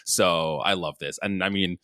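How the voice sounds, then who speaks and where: A man's voice: sits low, measured pace, sharp tone, no room sound, clean studio sound. A man guesting on a gaming podcast, enthusiastic, explaining his own show's format at length. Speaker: podcast guest, fellow host. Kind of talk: casual podcast chat.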